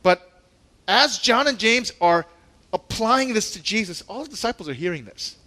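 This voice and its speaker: Animated pastor with a lively, high voice. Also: male voice, normal speed. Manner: conversational and animated, with laughs and asides; acts out the disciples' lines in a raised, indignant voice. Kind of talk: sermon.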